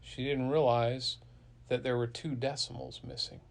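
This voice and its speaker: A man's voice: mid-range voice, level tone, normal speed. A man improvising a playful story for a child, with sound effects and an easy, chatty delivery. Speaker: parent telling a bedtime story.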